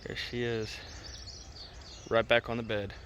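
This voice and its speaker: A man vlogging as he fishes a creek outdoors, excitedly talking to the fish he catches. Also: medium pitch, unhurried. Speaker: fishing vlogger. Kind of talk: casual outdoor commentary. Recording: outdoor camera audio with water noise. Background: running water and outdoor noise.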